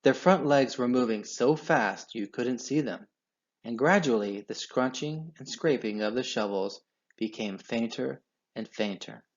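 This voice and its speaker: A man reading a children's storybook aloud in an expressive, measured way. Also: mid-range voice. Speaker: children's book reader. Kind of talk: storybook read-aloud narration. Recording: dull lo-fi sound.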